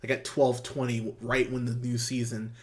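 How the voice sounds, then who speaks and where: Brief: young male podcast host, mid-range voice, excitable and profane in casual chat. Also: medium pitch, normal speed. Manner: enthusiastic, profane, full of restarts and fillers.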